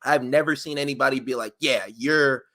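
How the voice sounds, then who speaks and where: A man's voice: mid-range voice, fairly even intonation, a little fast, bright, forceful tone, no echo, clean studio sound. A man co-hosting a podcast in casual chat, joking loosely as he reads out listener answers. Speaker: podcast co-host.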